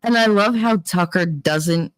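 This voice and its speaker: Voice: mid-range voice, a little slow, clean tone, no room sound, poor audio. A livestream host chatting casually and profanely with viewers, rambling, laughing and humming filler tunes between thoughts. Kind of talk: casual rambling chat to a live chat.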